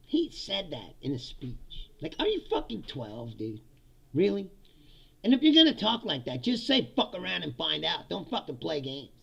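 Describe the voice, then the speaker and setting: A man's voice: on the high side, wildly swooping pitch, moderate pace, creaky, a bit bright, husky, highs cut off. A man delivering a profane, sarcastic political comedy rant, laughing between lines. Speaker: political commentator.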